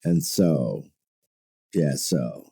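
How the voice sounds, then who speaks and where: Older male host, deep and mellow, chatty and folksy, dry close-mic sound. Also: animated, very slow, gravelly, breathy edge, no echo. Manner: rambling, chuckling, fatherly. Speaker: podcast host. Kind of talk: casual podcast chat.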